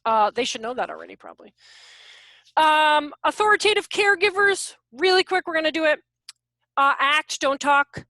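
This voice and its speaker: A high-pitched woman talks through a parenting workshop over a video call, chatty and loose, slipping into little acted-out voices of parents and kids. The sound is close and dry, with no room echo. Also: expressive, normal speed, pushed and bright. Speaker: workshop presenter on parenting and teaching. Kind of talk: casual online workshop talk.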